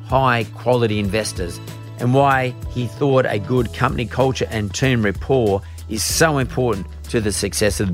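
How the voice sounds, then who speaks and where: A middle-aged man hosting an interview podcast, introducing and questioning his guest emphatically, with chatty asides. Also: medium pitch. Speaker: podcast host.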